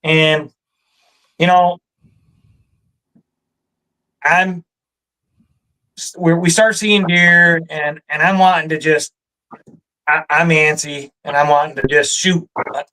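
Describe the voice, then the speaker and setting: A man with a Michigan accent telling a hunting story in a relaxed chat, animated and laughing often. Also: a little high, slow, pauses often, low-quality recording. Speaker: guest storyteller. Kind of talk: casual storytelling.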